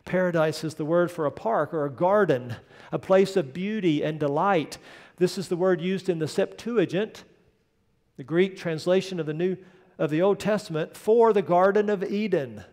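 A male pastor delivers a sermon with a high, lifting voice, pressing hard on key words. He builds to loud, ringing peaks and then falls to a near hush. His voice trails off in the long reverb of a large church hall. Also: normal speed. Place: church sanctuary.

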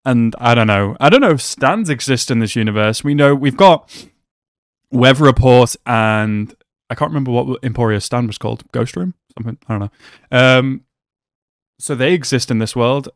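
A young man hosting an anime reaction video, swinging between excited outbursts and quiet, reflective musing. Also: mid-range voice, normal speed, no room sound, studio quality. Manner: excitable, gasping and shouting, then reflective and subdued.

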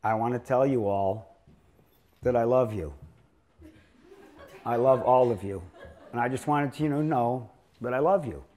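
A man doing a dazed young student, softly earnest. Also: mid-range voice, measured pace, pauses often, a little hiss or hum, voice pushed down, natural voice. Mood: dreamy. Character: dazed young male student declaring love to his class.

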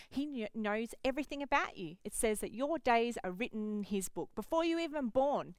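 A woman's voice: a little high, clear, resonant tone, no room sound. A woman pastor teaching children at an online church service, speaking directly to the kids in an encouraging way.

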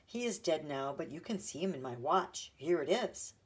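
A gruff, cross older grandfather in a storybook, put on by a woman reading aloud. He speaks low and emphatic, with a husky edge. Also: expressive, moderate pace.

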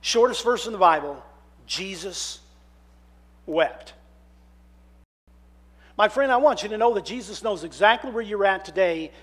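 High-voiced preacher, hushed to loud. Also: male voice, fast talker, few pauses. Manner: dramatic shifts between hushed scripture reading and loud animated storytelling. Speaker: minister. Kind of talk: sermon reading and preaching. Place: church sanctuary.

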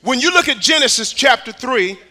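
A man preaching a sermon in church, dropping to a hush and climbing to shouted, repeated rhetorical questions with folksy street phrasing. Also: very high voice, animated, fairly quick. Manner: preaching with swings from hushed to shouted calls. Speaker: pastor. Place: church sanctuary.

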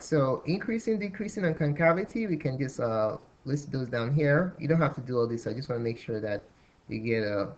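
A man's voice: mid-range voice, slight background noise. A man teaching a calculus lesson at a whiteboard, thinking aloud with restarts and fillers. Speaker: math teacher. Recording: dull lo-fi recording.

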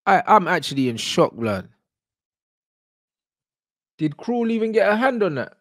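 A young man, giving live reaction commentary on football, slangy and shouting in disbelief. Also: sits high, big pitch swings, measured pace, dry recording. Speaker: football watch-along streamer.

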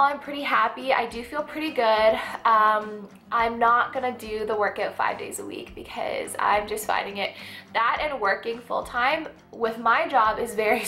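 A woman's voice: fairly high pitch, a bit bright. A young woman vlogging in a casual chat to camera, stuffy and out of breath, talking with lots of fillers. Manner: chatty, many fillers and likes.

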